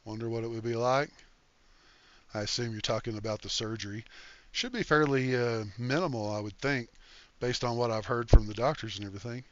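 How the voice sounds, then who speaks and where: A man's voice: mid-range voice, fairly quick, dry recording, dull audio. An older man hosting a casual game livestream, reading chat aloud in an easygoing, folksy way and thanking viewers.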